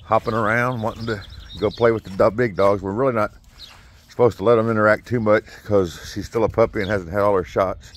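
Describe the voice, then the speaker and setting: A man's voice: lowish voice, steady tone, brisk, a little hiss or hum. A man gives easygoing, casual commentary while walking a new puppy outdoors in a yard. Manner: easygoing, coaxes the dog between remarks.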